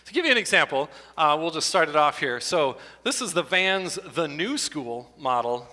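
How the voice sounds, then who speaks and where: A middle-aged man doing stand-up comedy with slides at a church show, animated and breaking into loud exclamations. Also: a little high, normal speed. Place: church hall before an audience. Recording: long hall reverb.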